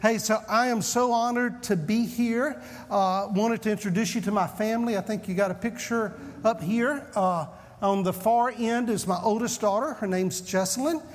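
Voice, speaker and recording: A man's voice: sits high, fairly even intonation, normal speed, big-room sound. A man in his fifties with a Southern US accent, a pastor opening a sermon with folksy, self-deprecating stories. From Southern United States. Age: 50s.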